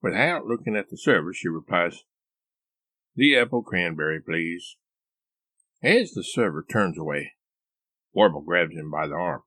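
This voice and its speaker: A man narrating a comic story he wrote, wry and expressive in his storytelling. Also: deep voice, moderate pace, breathy edge, dry recording. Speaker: author reading his book.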